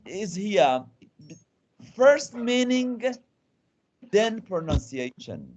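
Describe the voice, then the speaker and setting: A man's voice: mid-range voice, dark tone. A man giving an online lecture to teachers, talking interactively and often restarting and repeating words. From Iran. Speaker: guest lecturer. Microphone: video call.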